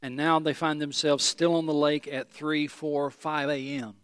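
A man preaching a sermon, swinging between loud emphatic lines and hushed low ones, repeating phrases as he talks straight to the congregation. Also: little pitch movement, a little slow, clean tone. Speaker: pastor.

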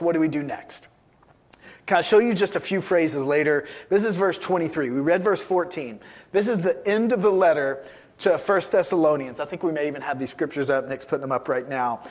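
An emphatic male pastor delivers a sermon and drives his points home by repeating key phrases. His voice sits a little higher than most men's. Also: brisk.

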